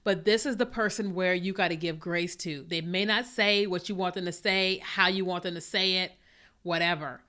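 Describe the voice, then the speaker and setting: Woman podcast host, bright tone, chatty faith talk, lots of asides. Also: fairly low pitch, fairly even intonation, normal speed. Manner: conversational, full of fillers and asides. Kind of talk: casual faith talk monologue.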